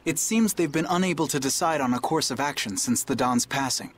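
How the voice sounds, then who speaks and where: An actor voicing an earnest young male knight in a video game, speaking in a formal, measured way, with game music behind him. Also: a little high, slight background noise, natural voice. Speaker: game character.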